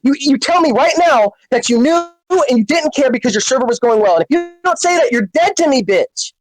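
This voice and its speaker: A woman's voice: high voice, expressive, a little fast, faint music behind, rough recording. A woman in a heated voice-chat argument, furious and berating, cursing often. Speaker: Discord server member.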